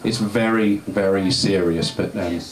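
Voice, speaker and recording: A man's voice: low voice, fairly even intonation, measured pace, background noise. A man doing a stand-up comedy set, rambling and self-deprecating, chatting with the crowd in a live venue. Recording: roomy venue with audience laughter.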